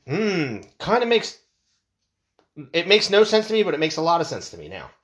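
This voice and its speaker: A man's voice: fairly high pitch, moderate pace. A man telling a rambling story in a casual rant, swearing freely and restarting sentences as he goes. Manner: animated, profane, rambling storytelling. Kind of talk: casual ranting monologue.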